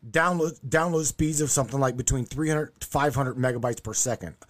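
A man hosting a casual chat show from his home studio, talking in a brash, animated, profane way. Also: mid-range voice, brisk. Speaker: host.

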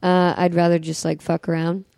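A woman, a comedian and beatboxer, chatting casually on a podcast, fast and profane, with lots of fillers. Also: lowish voice, completely flat delivery, vocal fry, darkish tone, no echo.

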